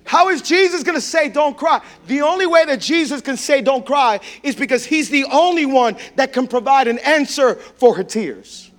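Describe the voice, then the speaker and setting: A male pastor giving a sermon, swinging between impassioned shouts and hushed, intimate tones. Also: very high-pitched, expressive, normal speed, few pauses.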